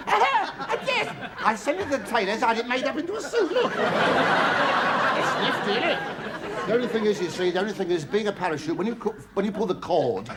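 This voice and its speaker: A middle-aged English comedian with a high, wildly swooping voice, spinning a camp, gossipy monologue. He stumbles into restarts and lands on drawn-out "oh, yes". A loud live studio audience laughs all around him over heavy noise.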